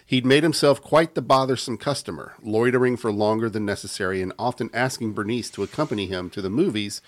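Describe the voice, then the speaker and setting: A man hosting a podcast, reading a true-crime story aloud in an even narrating tone. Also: lowish voice, fast. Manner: reads the story aloud in an even narrating tone, breaking into laughter at the banter. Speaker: podcast host.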